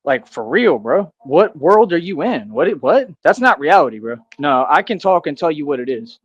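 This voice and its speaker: A man rants at the camera in a defiant, agitated monologue and keeps circling back to the same points. His voice sits somewhat high for a man, and the sound is close and dry with almost no room around it. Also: big pitch swings, normal speed, slightly rough, no room sound, lo-fi sound. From United States. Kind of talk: angry monologue ranting at the camera.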